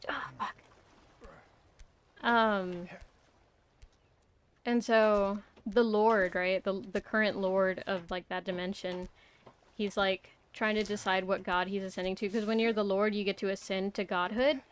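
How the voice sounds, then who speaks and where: A woman's voice: medium pitch, steady tone, normal speed, clear, resonant tone. A young woman streaming a game, chatting casually, rambling and swearing with lots of fillers. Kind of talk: casual live-stream chat.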